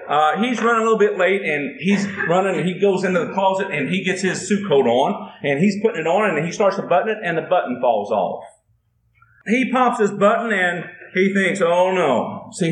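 A man's voice: high-pitched, echoey room, slight background noise, rough recording. A man preaching a folksy sermon, telling a homespun story and acting out a husband and wife. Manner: homespun, drawling storyteller acting out both spouses. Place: church building.

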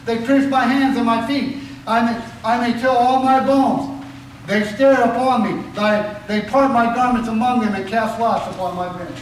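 High-voiced preacher in an echoey hall. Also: male voice, fairly even intonation, normal speed, recorded from a distance, slight background noise. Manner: emphatic, questioning, rising and dropping for emphasis. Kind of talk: sermon.

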